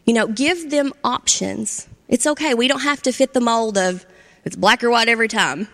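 A woman with a fairly high voice gives an instructional talk on parenting to adults. She talks conversationally and often checks in with her listeners. The sound carries a long reverb, like a big hall. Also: animated, normal speed, a bit bright. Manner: conversational, checks in with "right?" and "okay?".

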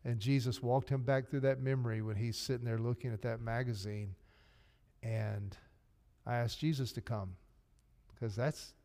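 A male pastor delivers a sermon with earnest, emotional sincerity. His voice sits at an everyday middle pitch. The recording carries the long, lingering reverb of a church sanctuary. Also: darkish tone. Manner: earnest, emotional storytelling preacher.

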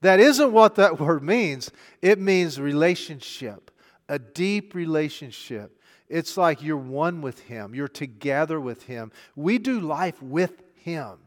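A man preaching a sermon. He asks rhetorical questions and swings between hushed, intimate passages and emphatic, raised ones. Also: fairly high pitch, expressive, slow pace. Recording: long hall reverb.

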